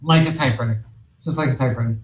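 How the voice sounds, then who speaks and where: A man's voice: medium pitch, rapid-fire, echoey room, low-quality recording. A man telling a long personal story in casual talk, rambling and profane, with many restarts and fillers. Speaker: guest telling his story.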